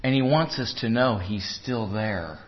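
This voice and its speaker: Male preacher, unhurried sermon delivery, earnest and tender, muffled low-fidelity recording. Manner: earnest, swings from loud urging to hushed tenderness.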